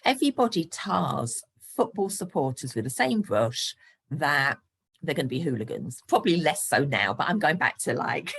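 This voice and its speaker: A woman in her sixties with a notably low voice, chatting frankly as a podcast guest. She talks openly and laughs between points. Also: very animated, moderate pace, a bit bright, breathy edge. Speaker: guest, property investor. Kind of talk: casual podcast interview.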